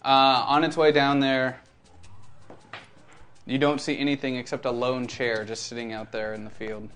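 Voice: medium pitch, flat delivery, normal speed, fairly bright tone. A game master running a tabletop game, narrating casually and laughing often.

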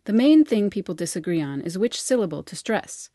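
A woman with an American accent, a linguist and editor, giving a measured, scripted explainer narration. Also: mid-range voice, big pitch swings, mellow, dry recording, studio quality.

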